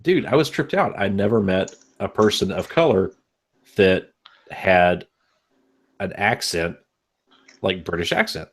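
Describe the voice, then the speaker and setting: A man's voice: low voice, measured pace, pauses often. A man from Texas hosting a casual live podcast chat, laid-back and swearing freely. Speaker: podcast host.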